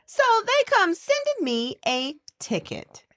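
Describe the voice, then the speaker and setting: A woman co-hosting a podcast in casual chat, telling a story with animated quotes of other people. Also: extremely high pitch, slow pace, dry recording, studio quality. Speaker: podcast co-host.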